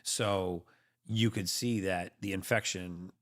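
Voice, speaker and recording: A man's voice: sits low, steady tone, slow pace. A man talking with gauze in his mouth and a half-numb tongue, so his speech sounds a little muffled, as he steadily explains what the slide shows. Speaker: host, patient after tooth extraction. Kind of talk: casual explanation at a microscope.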